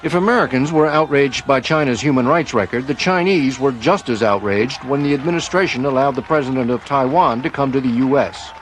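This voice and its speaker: A man narrating a television news report as a correspondent, in a steady, even manner. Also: mid-range voice, fairly quick, hardly any pauses, slight background noise.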